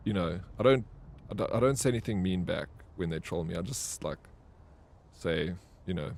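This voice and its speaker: Male game streamer, lowish voice, rambling, faint hiss behind. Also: expressive, moderate pace, gravelly, darkish tone. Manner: rambling storytelling with many restarts and fillers; reads out and answers chat messages. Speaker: livestreamer. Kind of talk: casual live gameplay chat.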